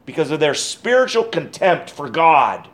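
A male pastor preaching a sermon, swinging from loud emphasis to hushed tones and reading scripture aloud. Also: a little high, very animated, moderate pace. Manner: reads scripture aloud in King James wording.

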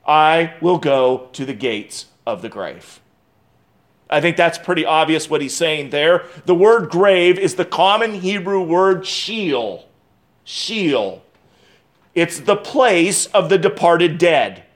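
High-voiced man preaching with emphasis. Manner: emphatic preaching with dramatic pauses and restarts. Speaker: pastor. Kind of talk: expository sermon.

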